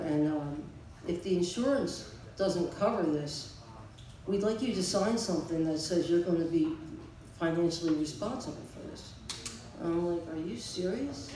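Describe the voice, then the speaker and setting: A person speaks at a memorial concert, spinning chatty anecdotes and chuckling now and then. The voice sits in a mid range and comes from a stage mic across a large, echoing hall. Steady background noise hangs under it. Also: mid-range voice, distant mic. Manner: chatty, storytelling, chuckling between lines. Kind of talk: spoken tribute with anecdotes.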